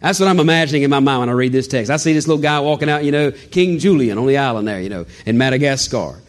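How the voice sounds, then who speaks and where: A man preaching a sermon in a folksy, animated way with joking asides. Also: mid-range voice, quick pace. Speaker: pastor.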